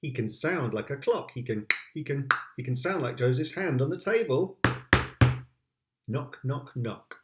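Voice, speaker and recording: Slow sing-song British dad reading aloud. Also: male voice, mid-range voice, animated, very noisy. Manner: playful, with sound effects. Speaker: father reading to his child. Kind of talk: reading picture books aloud.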